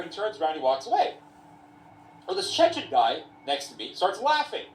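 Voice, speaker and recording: A man tells an anecdote with a lively, swinging pitch and acts out the voices of the people in it. He sounds distant in an echoey room, with faint background noise. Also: normal speed, long pauses. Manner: animated retelling with acted quotes. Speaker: conference speaker. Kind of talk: anecdotal storytelling.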